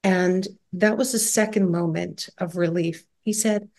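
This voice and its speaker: A woman's voice: on the low side, fairly even intonation, unhurried, hardly any pauses, a little mellow. A middle-aged woman singer, a guest on a podcast, talking candidly and with animation, often breaking into laughter. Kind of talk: podcast interview.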